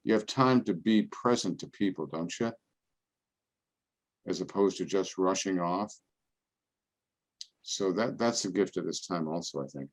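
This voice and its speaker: An older man, a priest, giving a relaxed, conversational talk full of homely anecdotes and playful voices for the people in them. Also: low voice. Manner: folksy storytelling, acts out other people's voices. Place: parish event, indoors.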